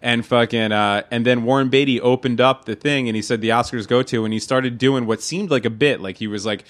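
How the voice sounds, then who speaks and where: A man with a middle-pitched voice hosts a loose podcast chat. He is tired and drinking, and he rambles. He swears freely and acts out his stories with energy. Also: brisk. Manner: rambling, swears often, animated retellings. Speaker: podcast host. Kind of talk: casual profane banter.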